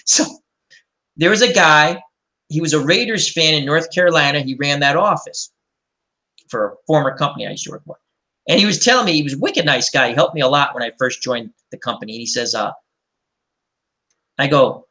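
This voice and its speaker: A man's voice: a little high, expressive, fairly quick, long pauses, pushed and bright. A man hosting a casual chat and telling rambling, anecdotal stories. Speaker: host.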